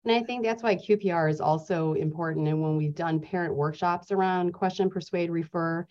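A woman's voice: low voice, steady tone, moderate pace, a little mellow, muffled recording. A woman speaking as a podcast guest, instructive and emphatic as she explains prevention steps. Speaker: school mental health guest. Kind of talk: podcast interview.

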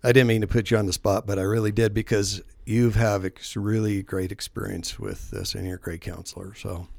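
A man with a fairly low voice hosts a relaxed podcast chat about faith. He tells long, self-deprecating stories, full of fillers and restarts. His voice is close and dry, with no room sound. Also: fairly quick, gravelly, no room sound. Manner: rambling, self-deprecating storyteller. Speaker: podcast host. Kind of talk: casual faith-based podcast conversation.

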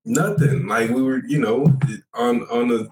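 A man's voice: medium pitch, unhurried. A man chatting casually about movies as a podcast co-host, enthusiastic and rambling, with lots of fillers. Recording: echoey room with faint noise.

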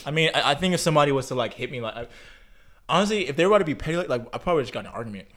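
A young man co-hosting a casual podcast, rapidly telling slangy stories. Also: a little high, lively intonation, fairly bright tone. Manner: rapid, storytelling, slangy with lots of restarts. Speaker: podcast co-host. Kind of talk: casual chat.

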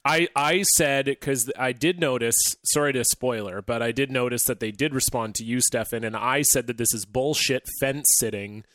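A man's voice: mid-range voice, normal speed, few pauses, fairly bright tone, no room sound. A man from Canada co-hosting a casual podcast, blunt and indignant, swearing freely. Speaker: podcast co-host. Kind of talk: casual chat.

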